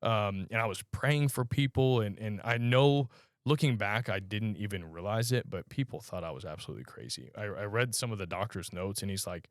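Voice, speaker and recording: Earnest, halting man with a low voice. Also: expressive, dry recording, studio quality. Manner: halting, earnest storytelling with frequent pauses. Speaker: podcast guest. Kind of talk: personal testimony in a conversational interview.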